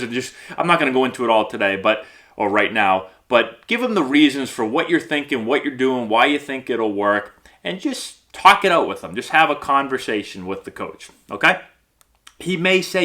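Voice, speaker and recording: Lively, bright-voiced baseball instructor. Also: male voice, medium pitch, normal speed. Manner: upbeat, conversational, constant "okay?" and "right?" check-ins. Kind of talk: instructional coaching vlog.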